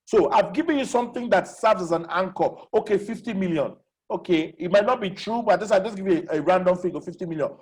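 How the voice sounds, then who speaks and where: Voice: mid-range voice, quick pace, a little mellow, slightly rough, poor audio. A presenter giving a live online lecture as facilitator, repeating key questions and checking that listeners follow. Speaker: webinar facilitator. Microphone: video call.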